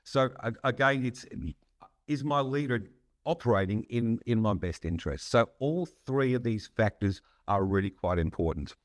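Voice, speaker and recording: A man, a psychologist and consultant explaining ideas in a measured, conversational way with frequent hesitations. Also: medium pitch, no room sound, clean studio sound. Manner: measured, frequent "um" and restarts, occasional laugh. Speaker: psychologist and consultant, podcast guest.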